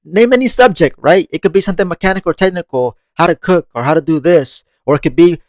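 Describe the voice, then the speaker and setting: He speaks quickly in a fairly high voice, captured in a dry recording. As host of a monthly meditation podcast, he chats casually about growth, laughing a lot and dropping swear words freely.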